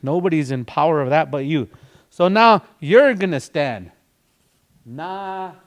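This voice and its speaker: A man's voice: fairly high pitch, animated, normal speed. A man teaching a language class, patiently repeating words and breaking them into syllables for his students.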